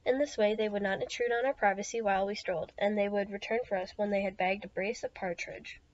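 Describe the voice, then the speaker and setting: A woman's voice: mid-range voice, fairly even intonation, quick pace, lo-fi sound. A woman hosting a book review podcast, reading passages aloud steadily and plainly, with small slips now and then.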